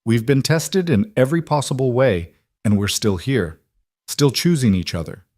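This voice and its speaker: A man voicing a caring wife and mother who speaks calmly and reassuringly. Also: medium pitch, normal speed, no room sound, studio quality, pitched above the performer's own voice, lightly acted. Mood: loving. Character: adult woman, warm wife and mother.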